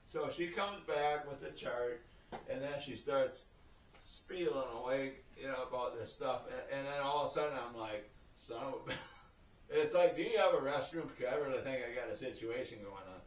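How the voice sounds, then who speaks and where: A man's voice: medium pitch, moderate pace. Rambling, profane man, roomy and distant. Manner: rambling, profane, laughs through the story. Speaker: vlogger. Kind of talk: casual storytelling. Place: indoor room. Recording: roomy echo, heard from a distance.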